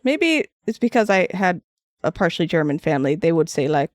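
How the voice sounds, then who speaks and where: A woman's voice: lowish voice, very animated, fairly quick, dry recording, clean studio sound. A woman streaming as she sculpts and paints, chatting casually and answering her viewers. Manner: chatty and rambling, answering chat with frequent restarts. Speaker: craft streamer.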